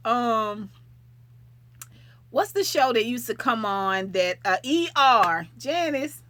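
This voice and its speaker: A woman's voice: mid-range voice, fairly bright tone. A woman hosting a late-night livestream, chatting casually and affectionately with viewers and rambling from topic to topic. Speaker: livestream host.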